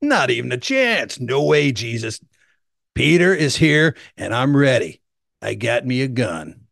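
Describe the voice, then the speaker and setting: A man's voice: mid-range voice, very animated, measured pace, gravelly, a bit bright, no echo, studio quality, exaggerated voice. A man voicing a brash, protective Southern man with a drawling Southern US accent and folksy, swaggering slang.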